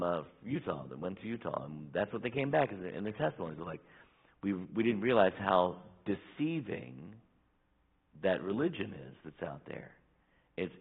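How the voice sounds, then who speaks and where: A man delivers a sermon from the pulpit, his low voice husky and a little rough. He builds to loud, emphatic peaks, then drops to quiet, close asides. The sound is thin and tinny, like a phone line. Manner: preaching with rising, emphatic bursts and quiet asides. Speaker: pastor. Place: church sanctuary. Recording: tinny phone-like church recording.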